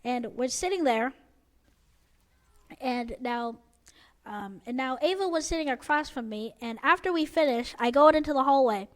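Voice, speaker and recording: A teenage girl tells a casual storytime about her school days in a high, bright voice. She's expressive and talks at a moderate pace, rambling with lots of fillers and sounding plainly exasperated.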